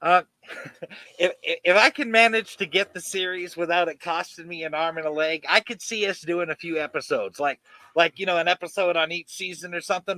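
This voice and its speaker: A man's voice: sits high, bright, forceful tone, dry recording, low-quality recording. A man co-hosting a horror movie podcast, laid-back and casual, often restarting his sentences. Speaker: podcast co-host.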